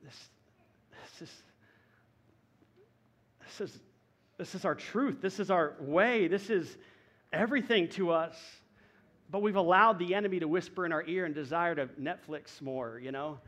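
A man with a fairly high, light voice delivers a sermon. He preaches in a relaxed, conversational way, full of folksy asides, and often drops to a soft murmur before lifting again. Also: measured pace, pauses often. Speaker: pastor.

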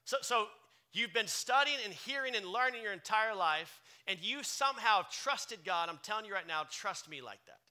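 A man preaching a sermon to a live congregation, swinging from loud emphatic lines to low hushed ones. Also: expressive, moderate pace. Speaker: pastor.

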